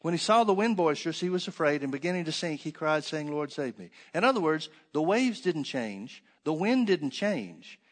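A man preaching a sermon, reading scripture aloud and then explaining it with rhetorical questions, swinging between loud emphatic stresses and hushed asides. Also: on the high side, expressive, moderate pace, hardly any pauses.

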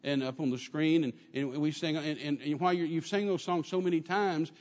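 A man preaching a sermon in an animated way, acting out quotes and dropping at times to a soft murmur. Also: on the high side, a little fast, in a large hall. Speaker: pastor.

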